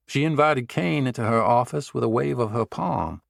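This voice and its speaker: A man giving measured, dramatic scripted narration of a thriller audiobook. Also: mid-range voice, vocal fry, no room sound, studio quality.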